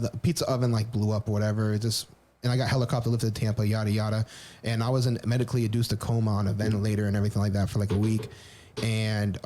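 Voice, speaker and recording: His voice is on the low side with a dark tone. Co-hosting a podcast, he shares his personal story candidly, rambling with frequent restarts and casual swearing.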